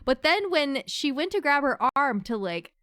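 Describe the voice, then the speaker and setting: A woman's voice: high voice, normal speed, no room sound. A young woman co-hosting a casual book club livestream, talking with emotion and venting about a novel. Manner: emotional, animated, swings between venting and seething.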